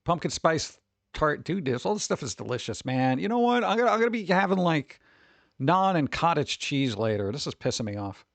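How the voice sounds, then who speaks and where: A man streaming casual reaction chat, rambling and joking, breaking into quick put-on voices for his bits. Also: on the high side, big pitch swings, gravelly, dry recording.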